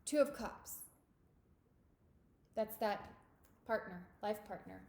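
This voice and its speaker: Woman tarot reader, unhurried and emphatic, intimate with listener, echoey room. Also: medium pitch, gravelly, warm tone, slight background noise. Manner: intimate, emphatic, addresses listener as darling and babe. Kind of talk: tarot reading monologue.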